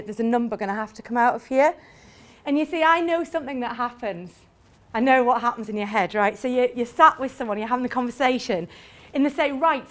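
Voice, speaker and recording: A woman giving a lively sales talk to a live audience, acting out little scenes in quoted voices. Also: high-pitched. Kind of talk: lively conference presentation.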